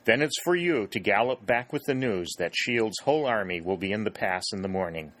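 A man's voice: lowish voice, lively intonation, a little fast, fairly bright tone. A man reading an audiobook, voicing a patient young soldier who talks in a soothing, reasoning way. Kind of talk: audiobook character voice.

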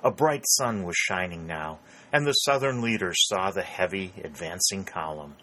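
A man narrating a novel in a steady, measured reading. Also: low-pitched. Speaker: audiobook narrator. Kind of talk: scripted narration.

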